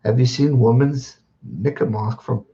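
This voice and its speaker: A man's voice: mid-range voice, steady tone, a little slow, mellow, highs cut off. A man hosting a live stream, chatting casually and greeting viewers by name as he reads their comments.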